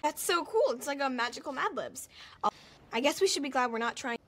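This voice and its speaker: A woman's voice: high voice, lively intonation, brisk. A quippy, upbeat teen girl. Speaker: teen friend in a magical family drama. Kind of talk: scripted TV drama dialogue. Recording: TV scene clip with loud music behind.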